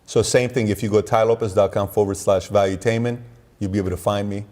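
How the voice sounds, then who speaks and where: Guy guesting on an interview, relaxed casual chat. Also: fairly low pitch, fast talker.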